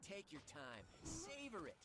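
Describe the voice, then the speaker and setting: A smug, taunting game fighter. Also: male voice, high-pitched, wildly swooping pitch, unhurried, a bit bright, slight background noise, exaggerated voice. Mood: gloating. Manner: mocking, gloating. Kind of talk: game voice line.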